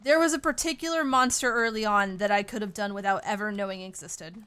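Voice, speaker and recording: A woman's voice: medium pitch, brisk, pushed and bright, clear, resonant tone. Tired, chatty woman streaming a game. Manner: chatty, greets viewers by name, calls them sweetie. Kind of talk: casual livestream chat.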